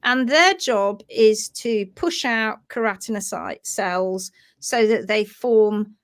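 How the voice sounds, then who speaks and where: Animated woman teaching hoof care. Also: mid-range voice, takes it slowly. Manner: animated, acts out little voices for hoof parts. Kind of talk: live-streamed teaching talk.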